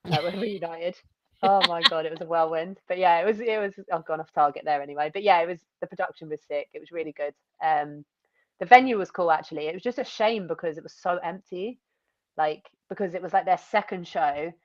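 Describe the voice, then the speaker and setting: A young woman, an MMA fighter from the UK, chatting casually in an interview, rambling and animated, with lots of fillers and quoted asides. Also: lowish voice, fast talker, dry recording, lo-fi sound.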